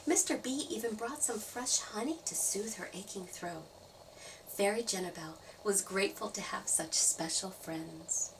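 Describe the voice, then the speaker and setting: A woman storyteller reading a children's story aloud, playful and expressive. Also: mid-range voice, moderate pace, distant mic, a little hiss or hum, poor audio. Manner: expressive, playful sound effects.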